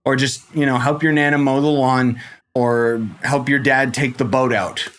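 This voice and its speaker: A man's voice: medium pitch, steady tone, moderate pace, fairly bright tone. A young man joking his way through a casual gameplay tutorial, rambling and poking fun at himself as he goes. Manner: joking, self-mocking, rambling asides. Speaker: game guide creator. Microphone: desk microphone.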